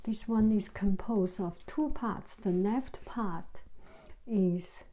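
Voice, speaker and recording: Lady teaching characters, super slow, dark mellow voice, drops to a half-whisper a lot. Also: medium pitch, low-quality recording. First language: Chinese. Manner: soft, often half-whispered while writing. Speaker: calligraphy teacher. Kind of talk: slow explanatory tutorial. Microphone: camera on tripod.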